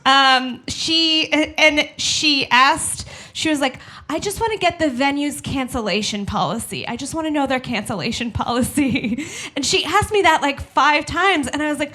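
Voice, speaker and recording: A woman's voice: high-pitched, animated, moderate pace, sharp tone. A young woman doing a stand-up comedy set in a small studio, chatty and self-deprecating, acting out the voices of people she quotes. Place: small studio with live audience.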